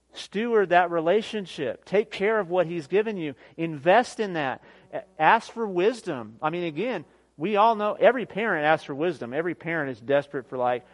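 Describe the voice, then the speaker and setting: A man in his thirties preaching a sermon as pastor, emphatic, swinging from near shouts to quiet, often asking "guess what". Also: a little high. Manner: emphatic preaching, rising to near shouts then dropping soft; repeats "guess what" and laughs at his own jokes.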